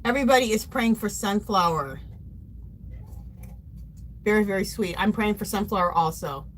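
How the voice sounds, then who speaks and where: A woman's voice: mid-range voice, moderate pace, slight background noise. A woman hosting a casual craft livestream, chatty and playful, reading viewer comments aloud and laughing often. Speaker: livestream host.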